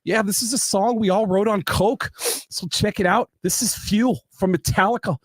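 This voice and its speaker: A man's voice: sits high, normal speed, no echo, voice pushed up. A man doing an impression of a laid-back male rock drummer, drawling and sniffing for a radio bit.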